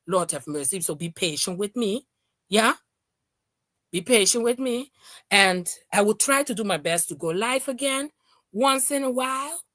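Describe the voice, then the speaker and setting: A woman's voice: medium pitch, no room sound, studio quality. A woman doing a casual, mocking commentary rant. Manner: mocking, animated, fake crying and singing impressions. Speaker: commentary streamer.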